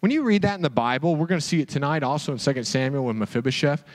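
A man preaching a sermon as a pastor, telling the story in an animated way and asking the listeners rhetorical questions. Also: on the high side, rapid-fire, in a large hall.

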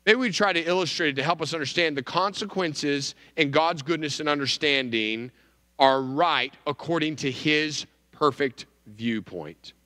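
Bright-voiced preacher in a reverberant hall. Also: male voice, moderate pace. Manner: emphatic, wide swings in pitch and volume. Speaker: pastor. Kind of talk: sermon.

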